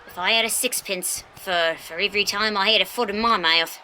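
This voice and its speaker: A woman playing an excitable woman fan and contest winner who sits in as a guest commentator on an improvised comedy wrestling show, stammering eagerly. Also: medium pitch, a little fast, slight background noise, natural voice, low-quality recording. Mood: chatty.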